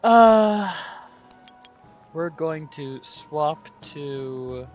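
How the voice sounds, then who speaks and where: Lively, slow-talking gameplay commentator. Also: mid-range voice, muffled recording, faint music behind. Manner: melodramatic mock laments and sudden yelps; swears and laughs at setbacks. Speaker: strategy game streamer.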